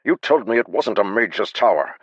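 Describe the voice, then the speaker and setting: A man voicing a panicky, excitable young male adventurer who shouts and complains. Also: measured pace, no echo, highs cut off, full character voice. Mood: panicky shouting. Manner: shrill, shouting, agitated.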